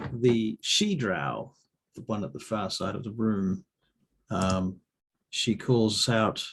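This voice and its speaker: A man working as game master, briskly calling for rolls and narrating the action. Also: fairly low pitch, a bit bright, slight background noise. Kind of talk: running a tabletop game.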